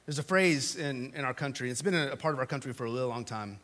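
A man preaching a sermon, talking to the congregation in a casual way, with loud, animated bursts of emphasis. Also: mid-range voice, quick pace. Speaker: pastor.

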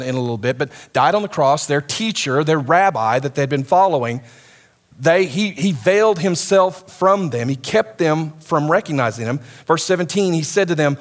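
A middle-aged man gives a sermon in a church, speaking in a fairly high voice. His delivery is conversational and he keeps asking the congregation questions. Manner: conversational, engages the audience with questions. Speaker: preacher. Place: church hall with a live congregation.

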